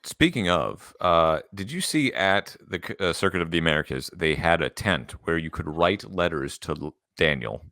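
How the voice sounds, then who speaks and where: Deep, bright-toned man co-hosting a podcast. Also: expressive, moderate pace, hardly any pauses, no echo, studio quality. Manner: joking, runs segments. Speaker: podcast co-host. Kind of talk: casual sports podcast chat.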